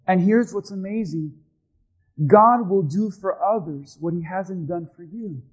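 A man pastor delivering a sermon, swinging between shouting and hushed tones. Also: sits high, unhurried, husky, muffled recording.

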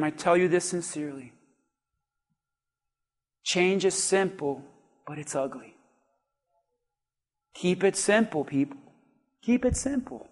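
A man preaching a sermon, dropping to hushed asides and rising to laughing shouts as he acts out quotes. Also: sits high. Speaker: pastor.

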